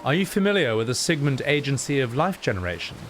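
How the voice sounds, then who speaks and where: A stern, no-nonsense woman doctor who speaks firmly and plainly, read by a man in his own voice. The voice is mid-pitched and steady. Game music plays behind. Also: fast, natural voice. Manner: firm and matter-of-fact. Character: stern, businesslike female doctor. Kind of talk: voice acting a game playthrough.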